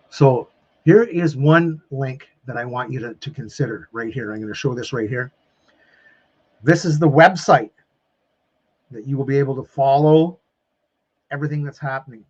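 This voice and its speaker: Male live-stream coach, effusive and repetitive, average pitch, slightly dull streaming audio. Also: husky. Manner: emphatic, repeats phrases, calls viewers "my friends"; openly emotional and effusive. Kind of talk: live-stream talk to viewers.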